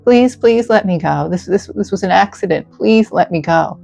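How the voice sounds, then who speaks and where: A woman's voice: medium pitch, animated, moderate pace, gravelly, warm tone. A woman voicing a terrified young mermaid who begs frantically and stammers. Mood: pleading. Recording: slightly dull, faint music.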